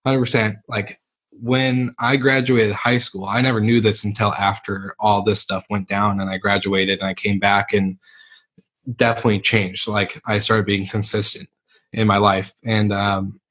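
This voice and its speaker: A young man with a fairly low voice tells his story in a laid-back way. He rambles and leans on fillers as he speaks. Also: level tone, normal speed, fairly bright tone. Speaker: podcast guest. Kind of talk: candid storytelling interview.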